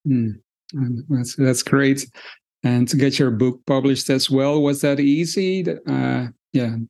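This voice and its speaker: A man's voice: mid-range voice, steady tone, slow, creaky, darkish tone. A man hosting a podcast, asking questions with a hesitant manner and many fillers. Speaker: podcast host. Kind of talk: interview questions.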